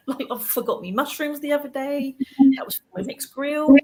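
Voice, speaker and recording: A woman's voice: on the high side, normal speed, crowd noise, rough recording. Giggly woman chatting, busy background. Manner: laughs often, animated and giggly. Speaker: guest. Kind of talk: casual chat.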